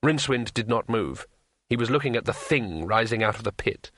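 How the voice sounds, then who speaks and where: A man narrating a fantasy audiobook in a measured, dramatic storytelling manner. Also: mid-range voice, animated, a bit bright.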